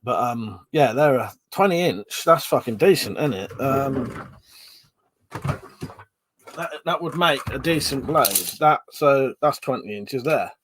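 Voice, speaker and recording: Breathless streamer, loose and chatty, average pitch. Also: male voice, expressive, slow, fairly bright tone, a little hiss or hum. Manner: chatty, swearing, reads chat aloud and rambles. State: short of breath, yawning. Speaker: live stream host. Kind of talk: casual chat.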